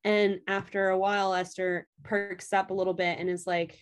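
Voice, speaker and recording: A woman's voice: medium pitch, level tone, normal speed, few pauses, smooth. A woman in casual chat, animatedly retelling a story's plot and swearing freely as she quotes the characters. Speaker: podcast co-host recapping a story.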